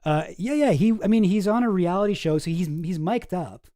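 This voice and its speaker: A streamer chatting casually on a live stream, excitable, laughing often and swearing freely. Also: mid-range voice, a little fast, dry recording, clean studio sound. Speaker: streamer reacting to a clip.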